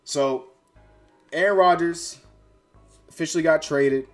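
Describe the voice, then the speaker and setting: A man's voice: fairly high pitch, measured pace, faint music behind. A man hosting a sports fan vlog, talking in a fired-up, trash-talking, conversational way. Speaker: sports fan channel host.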